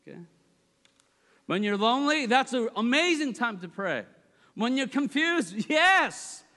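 A man preaching a sermon, animated, swinging between loud, high exclamations and quiet, low asides. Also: unhurried. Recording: long hall reverb.

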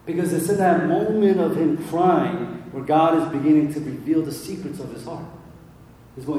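A man's voice: a little high, normal speed, warm tone, slight background noise. A man preaching a sermon in a casual storytelling way, full of fillers, in a large church hall. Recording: echoey hall from far off.

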